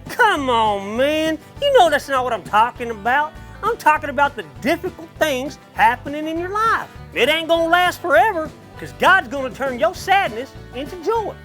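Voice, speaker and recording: A woman's voice: high voice, lively intonation, normal speed, hardly any pauses, fairly bright tone, soft background music. A woman voicing a cheerful, playful bayou character with a Cajun Louisiana drawl in a children's church video. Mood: upbeat.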